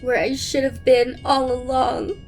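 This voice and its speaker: A man's voice: very high voice, monotone, measured pace, soft background music, pitched above the performer's own voice. A man voicing a young woman who speaks with disdain and hatred. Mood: cold, disdainful. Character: cold, bitter young woman, girlfriend.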